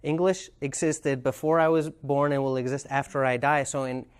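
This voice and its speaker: A man leading a communication workshop, explaining ideas thoughtfully and telling a story, often pausing to search for words. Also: mid-range voice, level tone, clear, resonant tone. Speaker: communication trainer.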